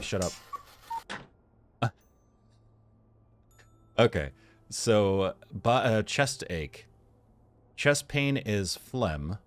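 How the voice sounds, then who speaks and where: Low-voiced man thinking aloud through a game. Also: very animated, slow pace, long pauses, soft background music. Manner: thinks aloud, reads on-screen text, jokes with the game. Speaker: gameplay commentator. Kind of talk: let's play commentary.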